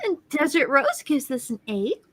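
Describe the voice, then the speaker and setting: A woman's voice: sits high, very animated, moderate pace, fairly bright tone. A woman on a casual livestream panel, reading viewer comments and scores aloud in a playful, giggly way.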